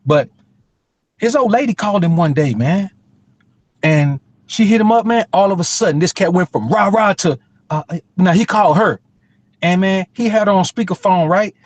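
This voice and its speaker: A middle-aged man spinning a street story in a loose podcast chat, swearing freely and hammering his points home. His voice sits fairly high for a man. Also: animated, moderate pace, dry recording. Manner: profane, emphatic, streetwise storytelling. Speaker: podcast co-host.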